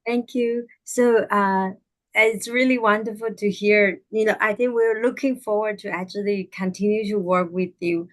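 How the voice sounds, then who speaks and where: A woman's voice: mid-range voice, fairly even intonation, moderate pace. A woman hosting a livestream, thanking a speaker and introducing the next one politely, with many fillers. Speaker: event host. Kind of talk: livestream moderation. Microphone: video call mic.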